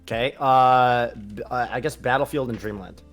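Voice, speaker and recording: At medium pitch and a moderate pace, this male co-host of a laid-back gaming stream chats away, laughs a lot, and reasons out loud. There's faint music in the background.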